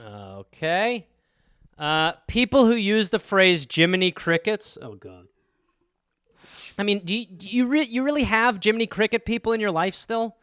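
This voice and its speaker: A man riffs alone on a comedy podcast, rambling and profane, tossing in quick silly voices. His voice sits high and sounds bright and forward. The sound is dry and close. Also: clear, resonant tone, no echo. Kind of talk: solo comedic riffing on listener topics.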